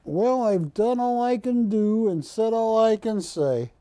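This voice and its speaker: A man hosting a live shopping channel, pitching art to callers with persuasive repetition. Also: lively intonation, unhurried, warm tone, dry recording. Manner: persuasive, repeats words for emphasis. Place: TV studio.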